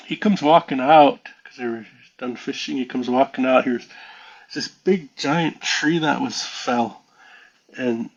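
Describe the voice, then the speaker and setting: A man's voice: medium pitch, creaky, husky, muffled recording. A man, a podcast guest, telling a story in a casual, rambling way, full of "you know"s.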